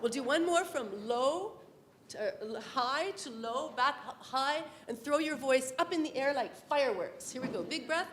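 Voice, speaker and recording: Woman leading a group vocal warm-up. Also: high-pitched, animated, normal speed, background noise. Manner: encouraging, playful, sings the exercises. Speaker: guest musician leading vocal warm-ups. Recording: echoey hall with loud instrument.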